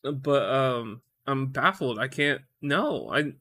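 A man's voice: mid-range voice, lively intonation, slow, pushed and bright, husky. A young man tells a casual story in a rambling, profane way and stumbles over his words. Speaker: vlogger.

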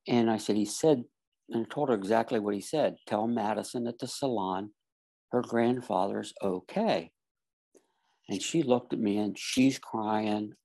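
Gravelly, husky-voiced man telling a story. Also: lowish voice, a little mellow. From Florida. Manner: earnest storyteller, acts out quoted dialogue. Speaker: guest telling a personal story. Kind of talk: casual storytelling.

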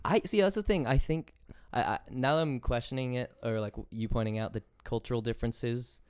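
A man's voice: mid-range voice, fairly quick, darkish tone, clean tone, no room sound, clean studio sound. A young man with an English accent, chatting casually on a podcast. He swears freely and laughs easily. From England. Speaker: podcast host. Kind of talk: casual chat.

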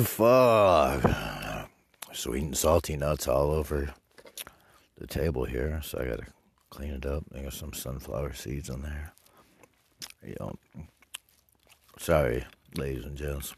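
A man's voice: a bass voice, animated, slow pace, vocal fry, pauses often, a little hiss or hum. A man from Detroit hosting a crude, rambling solo radio show, cursing and mock-insulting his listeners as he talks. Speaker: radio host.

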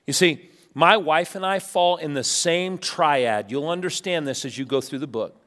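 High-voiced man preaching in a reverberant hall. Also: moderate pace. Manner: animated storytelling with humor, swinging from loud to hushed. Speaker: pastor. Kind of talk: sermon. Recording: long reverb of a large hall.

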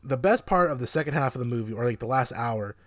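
A man with a mid-range voice rants animatedly about a film in casual podcast chat, profane and quick to laugh. The sound is dry and close, with no room around it. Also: medium pitch, animated, dry recording. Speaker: podcast co-host. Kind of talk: casual movie review chat.

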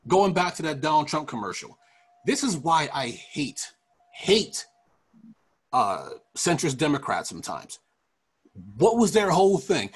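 A man hosting a podcast, giving profane, ranting political commentary in a casual, animated way. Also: high-pitched, slightly rough. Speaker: podcast host.

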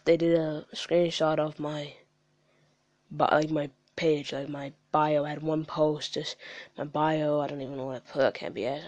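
A man's voice: on the high side, a little mellow, no echo, muffled recording. A young man on a podcast, rambling and frustrated, swearing a lot in heavy slang. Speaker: podcast guest. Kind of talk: candid podcast chat. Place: studio.

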